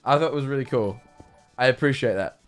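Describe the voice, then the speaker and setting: A man's voice: mid-range voice, fast talker, faint music behind. A man, chatting casually on a livestream and telling rambling, jokey stories. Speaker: streamer.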